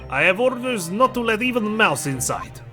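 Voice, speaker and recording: Man reading a bossy Russian-accented deckhand, high and loud; lively delivery. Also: brisk, exaggerated voice. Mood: stubborn. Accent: put-on Russian. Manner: broken English, loud and bossy. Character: gruff male Russian ship sailor, stubborn guard. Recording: game music behind voice.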